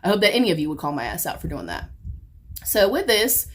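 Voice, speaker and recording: A woman's voice: on the low side, very animated, quick pace, a little hiss or hum. Upset woman venting, swearing hard. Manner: heavy swearing, swings from quiet to sudden loud outbursts. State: upset, near tears. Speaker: beauty vlogger. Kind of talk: emotional get-ready-with-me storytelling.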